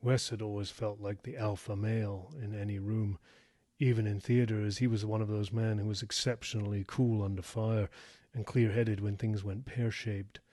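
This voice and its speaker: A man reads a story aloud in a low, slightly husky voice, steady and measured. The recording is close and dry, with no room sound. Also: no echo. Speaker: narrator. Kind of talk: audiobook narration.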